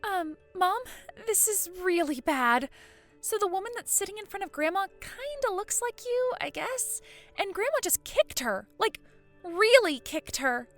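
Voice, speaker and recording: A woman voicing an excitable teenage granddaughter in a voiced story drama, chatty and blunt. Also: very high voice, a little slow, soft background music, exaggerated voice. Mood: worried.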